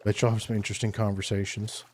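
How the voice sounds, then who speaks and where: Laid-back low-voiced streamer, mellow tone. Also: male voice, little pitch movement, a little hiss or hum. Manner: laid-back, rambling, thinks aloud between long pauses. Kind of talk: casual gameplay chat with chat. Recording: faint music underneath.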